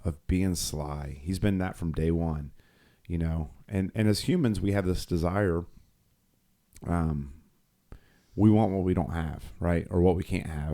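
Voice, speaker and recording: In a casual podcast chat about faith, a middle-aged male co-host wanders through a story, restarting often and leaning on filler words. He speaks in a low, warm voice.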